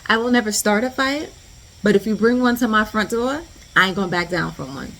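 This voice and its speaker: A woman vlogger telling a story in a lively, slangy way, full of "like" and asides to the viewer. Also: medium pitch, brisk. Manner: animated, slangy storytelling with lots of "like". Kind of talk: storytime vlog.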